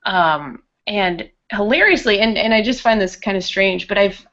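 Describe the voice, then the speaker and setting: A woman from Rhode Island talks in a chatty way, her New England accent mostly smoothed over. Her voice has a gravelly fry. The podcast audio is a little muffled. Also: medium pitch, moderate pace, fairly bright tone. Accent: softened New England. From Rhode Island, USA. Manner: chatty, laughs often, many fillers. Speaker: podcast guest. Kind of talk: casual chat.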